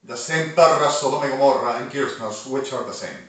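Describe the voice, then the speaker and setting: Man, agitated rambling monologue, muttering to shouting, distant from the mic, echoey room. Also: medium pitch, brisk. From Argentina. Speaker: vlogger. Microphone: phone camera.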